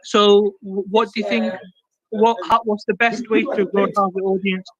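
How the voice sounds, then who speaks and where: A man with a light, high voice, chatting eagerly on an online panel and asking for advice. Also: normal speed, crowd noise. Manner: excitable, keeps asking for advice. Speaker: panel participant. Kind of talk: casual online chat. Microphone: online voice chat. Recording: dry, slightly dull online audio.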